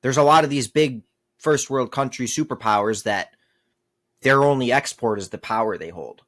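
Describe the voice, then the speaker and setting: A man's voice: medium pitch, normal speed, fairly bright tone. A young American man co-hosting a casual podcast on a headset mic, blunt and casual with swearing. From United States. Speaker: podcast co-host. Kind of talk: casual chat.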